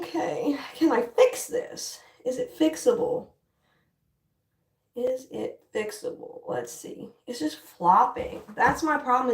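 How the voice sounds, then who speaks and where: A young woman livestream host, her high voice creaky and off-mic in an echoey room, chats casually with viewers while styling her hair. She's frustrated and swearing.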